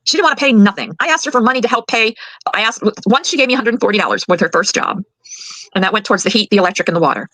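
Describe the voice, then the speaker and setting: Older woman, grandmother, indignant, worked up, rapid talk, dry close mic. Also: mid-range voice, expressive, sharp tone, no echo, rough recording. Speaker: grandmother telling her side. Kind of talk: emotional recorded account.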